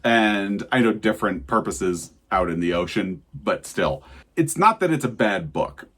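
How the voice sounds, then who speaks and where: Guy with a lowish voice doing a chatty book review, lots of detail and blunt opinions. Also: big pitch swings, unhurried, a bit bright. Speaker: book channel co-host. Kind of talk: casual book review chat.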